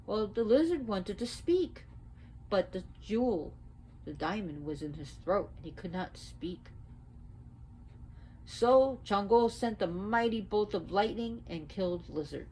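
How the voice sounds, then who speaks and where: A woman casually teaching religious lore, retelling a myth in an animated, conversational way. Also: medium pitch, a little slow, breathy edge, poor audio. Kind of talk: casual storytelling lesson.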